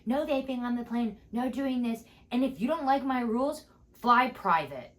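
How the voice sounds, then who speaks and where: A woman voicing a drunk, brassy female flight attendant who makes loud, sing-song intercom announcements and cracks jokes. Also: a little high, expressive, moderate pace, pitched above the performer's own voice.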